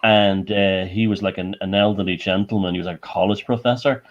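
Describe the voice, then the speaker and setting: A man with an Irish accent, a guest chatting casually in an animated, teasing way. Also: lowish voice, brisk, highs cut off. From Ireland. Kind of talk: casual chat.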